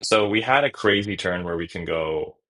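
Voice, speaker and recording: A man streaming a card game, talking through each move out loud in a casual, self-correcting way. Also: low-pitched, animated, normal speed, rough recording. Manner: thinks aloud through each move, casual, trailing restarts. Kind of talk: live-stream gameplay commentary.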